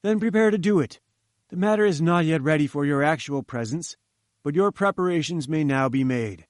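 Imperious old professor, commanding and scornful, raised pitch, man voicing. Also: moderate pace, dry recording, clean studio sound, close to an everyday voice. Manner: haughty and commanding. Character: domineering older male scientist, imperious.

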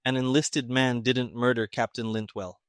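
A man voicing an irritated, sarcastic army colonel who speaks gruffly. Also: medium pitch, little pitch movement, normal speed, dry recording, studio quality, close to an everyday voice.

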